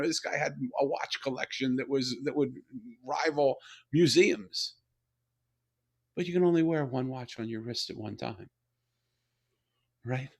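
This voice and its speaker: A middle-aged man, an author and company head, telling a personal story in an unhurried, reflective way during a conversation. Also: mid-range voice. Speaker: author and CEO, interview guest.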